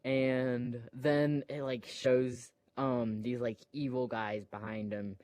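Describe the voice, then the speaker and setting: A man casually retelling a movie plot, rambling and filling his sentences with "like" and "um". He talks slowly at a mid pitch, and his voice sounds dry and close, with no room echo. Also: flat delivery, a little mellow. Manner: rambling, full of "like" and "um". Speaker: storyteller.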